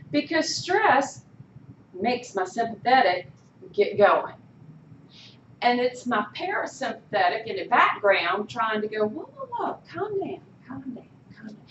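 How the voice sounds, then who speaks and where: Woman instructor, classroom lecture, slightly high voice, very animated pitch, slow delivery, asks the class questions, far-off echoey room. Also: highs cut off, slight background noise. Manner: animated, keeps checking in with "okay?". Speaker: college instructor.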